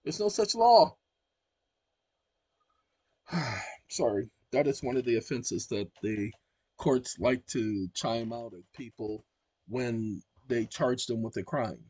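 A man's voice: mid-range voice, expressive, takes it slowly, long pauses, warm tone, slightly rough, dry recording. A man hosting his own channel, talking to his audience in an emphatic, preachy monologue. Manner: emphatic and preachy, keeps addressing the audience directly. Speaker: channel host. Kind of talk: casual explanatory monologue.

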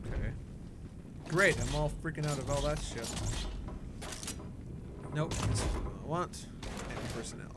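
A woman from Canada giving casual, playful commentary while playing a game, swearing and shouting when startled. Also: low voice, a little slow, pauses often, very noisy. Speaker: let's play host.

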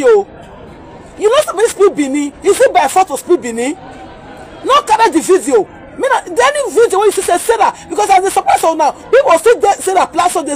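A Nigerian woman from Edo, ranting in a heated, pleading way in a vlog, repeating herself as she scolds people. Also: extremely high pitch. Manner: agitated, pleading, repetitive. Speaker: vlogger.

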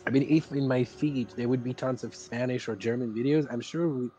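A man's voice: mid-range voice, fairly even intonation, brisk, mellow, soft background music. A French man with a French accent, chatting at length while playing a co-op game. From France. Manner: chatty, explains at length, playful. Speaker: co-op player. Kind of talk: casual gaming chat.

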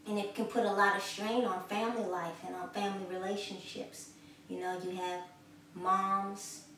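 A woman's voice: mid-range voice, a bit bright, slight background noise. A woman giving a spoken sermon in an earnest way, repeating phrases for emphasis and swelling in volume when she exhorts. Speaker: preacher. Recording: echoey room, from a distance.

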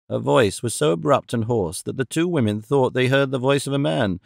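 Gravelly male audiobook narrator. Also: mid-range voice, animated, normal speed, few pauses, dry recording, studio quality. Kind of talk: scripted narration.

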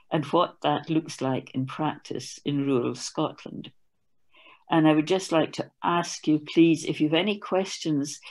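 A woman's voice: low-pitched, darkish tone. Polite woman chairing an online meeting.

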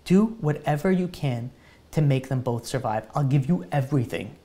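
A man's voice: medium pitch, animated, normal speed, mellow, lightly acted. A man doing a tearful pleading husband. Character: grieving young husband and father, tearful.

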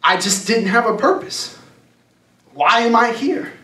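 A young adult man giving a youth sermon, talking casually and emphatically and slowing down to read scripture. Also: very high voice, animated, bright, forceful tone. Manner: emphatic, conversational preaching with slowed scripture reading. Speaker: youth pastor. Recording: echoey room, distant mic.

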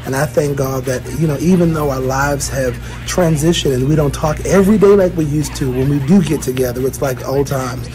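A man's voice: a little high, fairly even intonation, a little fast, few pauses. A man who is a bishop, giving a heartfelt and emotional birthday message to his best friend, with many small hesitations. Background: music.

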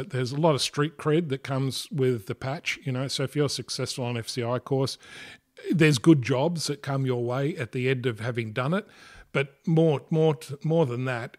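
Older Aussie ex-fighter pilot, mid-range voice, rambling and self-correcting, easy laugh. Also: male voice, mid-range voice. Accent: Australian. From Australia. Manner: halting, many fillers and restarts, laughs often. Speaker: retired air force fighter pilot, guest. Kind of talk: casual interview storytelling.

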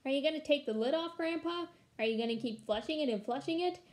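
A woman's voice: high voice, fast talker, voice pushed up, close to an everyday voice. A woman doing a spunky, bossy little girl. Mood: eager. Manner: eager, questioning, excited.

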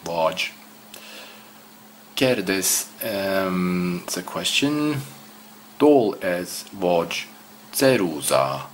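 Slow, low-voiced man. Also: animated, slight background noise. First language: Swedish. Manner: hesitant, repeats words aloud slowly. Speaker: language learner. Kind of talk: casual self-study walkthrough.

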